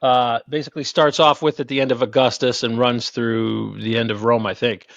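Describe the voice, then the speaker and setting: A man's voice: medium pitch, level tone, moderate pace, creaky, no room sound. A man hosting a history trivia podcast, talking loosely with fillers and restarts. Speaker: podcast host. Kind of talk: casual podcast chat. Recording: dull, dry lo-fi sound.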